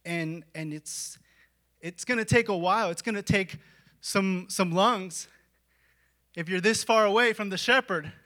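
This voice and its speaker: A man preaching a sermon in a conversational way, full of "like" and "right?", dropping to a hush and then rising to shouts. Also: high-pitched, measured pace. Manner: dramatic swings from hushed to shouting.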